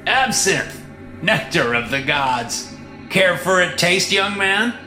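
A man's voice: sits high, expressive, takes it slowly, bright, forceful tone, reverberant, pitched above the performer's own voice, exaggerated voice. A man voicing a weary, tipsy male scientist who talks in a sardonic, grumbling way. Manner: sardonic, groaning, boozy. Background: music.

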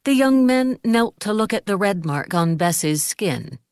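A woman narrating an audiobook in an even storytelling manner. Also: medium pitch, unhurried, clean tone, no room sound, studio quality. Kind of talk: scripted narration.

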